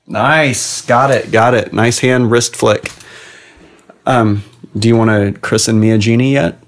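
A man's voice: mid-range voice, fairly even intonation, unhurried. A man from Oklahoma, a dad co-hosting a podcast, chatting casually and playing along in goofy make-believe games. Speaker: podcast co-host, father. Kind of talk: casual playful chat.

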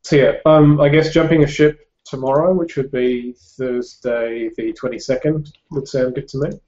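A man's voice: mid-range voice, fairly even intonation, moderate pace, mellow. Hesitant male player thinking aloud. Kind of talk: casual tabletop game chat. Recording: dull lo-fi voice chat.

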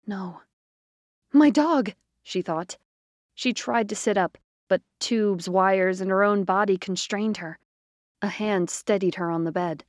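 A woman narrating a short story in a measured, expressive reading. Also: medium pitch, no room sound, clean studio sound. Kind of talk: scripted fiction narration.

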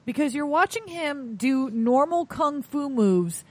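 A woman's voice: sits high, lively intonation, unhurried. A woman in a casual group chat, opinionated and emphatic.

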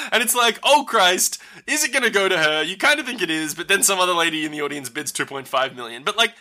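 A man chatting casually about a movie with a friend, animated and profane, often laughing. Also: high-pitched. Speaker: podcast co-host. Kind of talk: casual movie recap chat.

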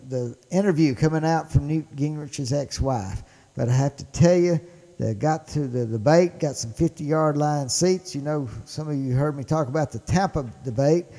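A man's voice: fairly high pitch, a little mellow, big-room sound. A man with a Mississippi accent hosting a show and talking politics with emphatic enthusiasm. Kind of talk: political commentary.

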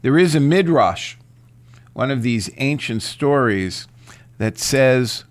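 A man giving a reflective lecture on scripture, speaking in a deliberate, questioning way. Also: medium pitch, lively intonation, dry recording.

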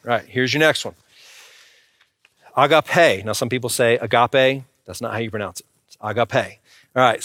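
A man's voice: medium pitch, a bit bright, dry recording. Man, pastor, conversational sermon, talks with the congregation, dry close sound.

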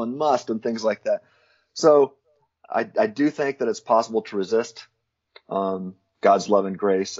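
A low, husky-voiced man talks through theological ideas with an easy, explanatory manner, now and then breaking into a light laugh. The audio is dull and lo-fi. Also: darkish tone. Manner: thoughtful, explanatory, laughs between points. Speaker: guest, Christian philosopher. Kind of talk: casual theological interview.

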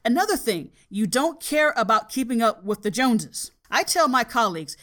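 A woman's voice: a little high, sing-song, normal speed, hardly any pauses, a bit bright. A middle-aged woman hosting a podcast, a college biology teacher from the US South with no regional accent, talking frankly and with dry humor in a casual monologue. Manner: frank, storytelling, dryly humorous.

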